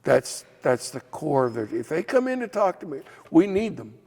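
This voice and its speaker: An older man, a former legislator and state official, telling anecdotes in an oral history interview with a gravelly voice. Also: on the high side, normal speed. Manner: animated anecdotes with acted quotes and laughs. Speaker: former legislator and assistant insurance commissioner. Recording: hall reverb.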